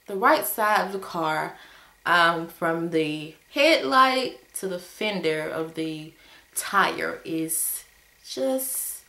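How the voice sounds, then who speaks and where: A woman casually telling a story to her viewers in a vlog, retelling it with exasperated, animated energy. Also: unhurried, creaky, roomy sound. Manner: animated, exasperated retelling with sudden pitch jumps.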